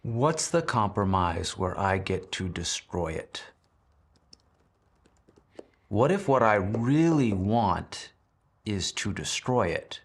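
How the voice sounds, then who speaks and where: Low-voiced, wry male player. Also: very animated, takes it slowly, pauses often, breathy edge. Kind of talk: casual tabletop play.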